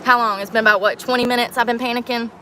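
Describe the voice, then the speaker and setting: Girl going off on a live stream, cussing a lot, kinda high voice. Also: steady tone, rapid-fire, bright, forceful tone, slight background noise. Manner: frustrated, swearing, rambling. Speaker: livestreamer. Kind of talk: casual livestream rant.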